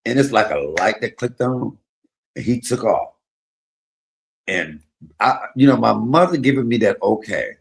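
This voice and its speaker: A middle-aged man hosting a casual chat, telling profane, animated stories. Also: mid-range voice, measured pace, creaky, pauses often. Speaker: host.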